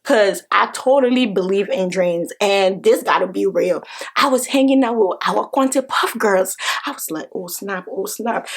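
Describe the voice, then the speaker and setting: A woman vlogger telling a story in an excitable, animated way, repeating phrases and swearing now and then. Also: mid-range voice, normal speed, creaky. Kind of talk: casual vlog storytelling.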